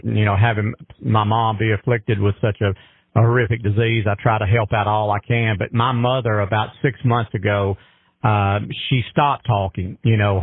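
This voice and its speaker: A man's voice: on the low side, dry recording. Earnest man on a tinny phone line. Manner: earnest, emphatic, folksy. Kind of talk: heartfelt radio conversation.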